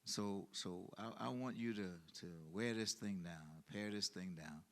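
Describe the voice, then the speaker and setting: Low-pitched male pastor, halting teaching style that rises for emphasis. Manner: halting, many fillers and restarts, swells in emphasis. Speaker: pastor leading Bible study. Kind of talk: Bible study teaching.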